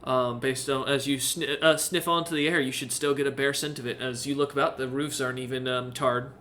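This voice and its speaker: A man's voice: mid-range voice, steady tone, a little fast, fairly bright tone, slight background noise. A man narrating as game master of a tabletop game, rambling with many fillers and self-corrections.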